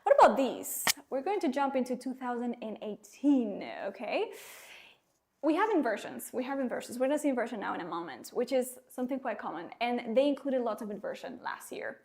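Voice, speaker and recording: A woman with a Spanish accent teaching an English exam-prep class live, lively and coaxing, often asking her viewers questions. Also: on the high side.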